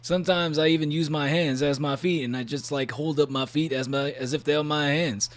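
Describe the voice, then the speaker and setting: A man voicing a boastful male cowboy Furby toy in a put-on cowboy drawl, loud and whooping. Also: a little high, fairly even intonation, a little fast, natural voice.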